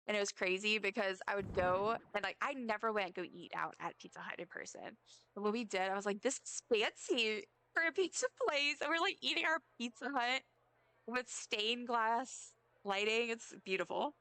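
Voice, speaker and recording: A woman's voice: mid-range voice, normal speed, bright, forceful tone, clean tone, no room sound. A young woman, rambling casually and joking at herself while she streams a game. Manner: chatty, rambling, self-mocking asides. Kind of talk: casual live-stream chat while gaming.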